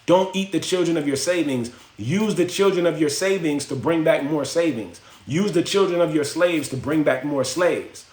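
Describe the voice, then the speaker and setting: A man's voice: a little high, moderate pace, few pauses, a little mellow, voice pushed up, close to an everyday voice. A man doing a preachy wise old money mentor. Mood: insistent. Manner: emphatic, preachy, slangy. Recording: roomy echo.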